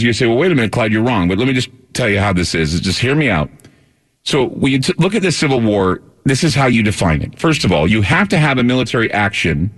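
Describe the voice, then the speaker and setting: A tired male talk radio host in a rambling monologue, often repeating words and restarting. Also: mid-range voice.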